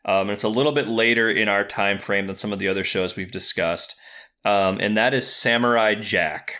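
A man's voice: lowish voice, normal speed, pushed and bright. A man in his thirties hosting a podcast, chatting casually and rambling with lots of fillers. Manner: rambling, many fillers and restarts. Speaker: podcast host. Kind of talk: casual chat.

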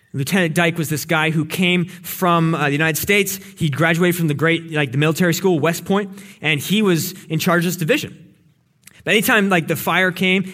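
A young male preacher tells a war story in a loose, conversational way, stumbling over repeated words and "uh"s. His voice sits a bit high for a man, and he pushes it louder as he drives his point home. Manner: conversational, fillers and repeated words, builds to exhortation. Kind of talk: casual storytelling sermon.

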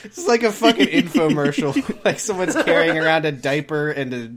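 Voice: mid-range voice, normal speed, crowd noise. A podcast co-host chatting casually, making dry, dismissive asides. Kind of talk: casual comic chat.

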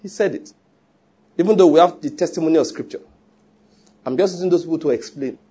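A man's voice: fairly high pitch, quick pace, dark tone, breathy edge. A man preaching a sermon, emphatic and teasing, often repeating his points. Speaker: pastor.

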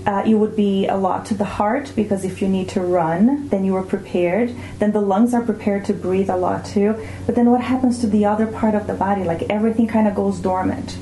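A woman speaks as a mindfulness teacher in an interview, calm and reflective, slowing down on key words. Her voice is mellow and soft-edged. The room around her adds a noticeable echo. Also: mid-range voice, slight background noise. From Brazil. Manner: calm, reflective, often slows to stress words. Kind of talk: explanatory interview talk. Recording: roomy echo.

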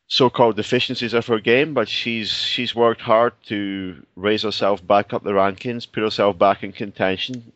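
A man with a Scottish accent talking tennis as a co-host, measured and thoughtful with frequent fillers. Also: on the low side, fairly bright tone, dry recording, highs cut off. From Scotland. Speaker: co-host on the line. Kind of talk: casual sports chat.

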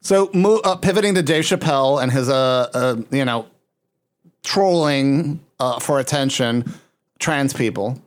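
A man's voice: medium pitch, measured pace. A man hosting a podcast, chatting casually and reading out jokes with playful chuckles. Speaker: podcast host.

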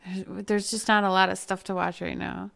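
A woman co-hosting a podcast in casual chat, easygoing and quick to laugh. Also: mid-range voice, gravelly. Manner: easygoing, laughs often, flat-toned asides. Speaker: podcast co-host.

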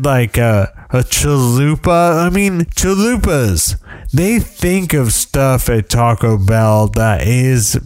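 A man's voice: medium pitch, a little mellow, no echo. A middle-aged man telling a rambling, wry story in casual monologue, often restarting his sentences.

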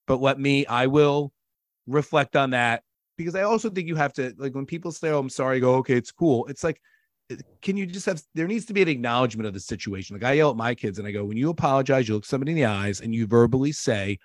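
A man hosting a casual conversational interview, talking in an animated, emphatic way and often running over others. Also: mid-range voice, dry recording, clean studio sound.

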